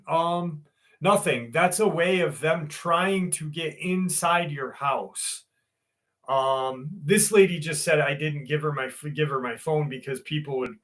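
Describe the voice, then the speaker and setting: A man's voice: a little high, a little slow, fairly bright tone. A man hosting a casual live stream, joking and swearing as he greets viewers by name and reads a story aloud.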